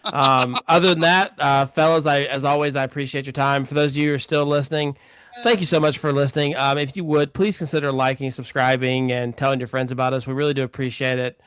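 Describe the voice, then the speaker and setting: A man's voice: medium pitch, fairly even intonation, quick pace, a bit bright, clear, resonant tone, no echo. A man hosting a casual film podcast, talking in a chatty, rambling way. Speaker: podcast host.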